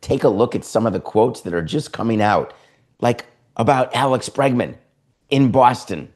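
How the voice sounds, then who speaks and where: A man hosting a sports talk podcast, delivering sarcastic, opinionated commentary in an animated way. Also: mid-range voice, moderate pace. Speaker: podcast host.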